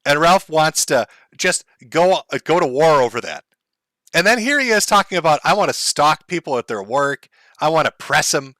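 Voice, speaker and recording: A man's voice: a little high, lively intonation, moderate pace, pushed and bright, dry recording, clean studio sound. A man hosting a stream, giving profane, mocking commentary and laughing often. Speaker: streamer host.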